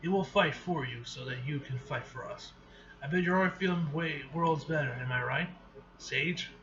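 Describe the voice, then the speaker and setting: An earnest, scholarly male hero explains things in a measured way, as a man reads him aloud. The voice is bright and fairly high. The sound is dull and lo-fi.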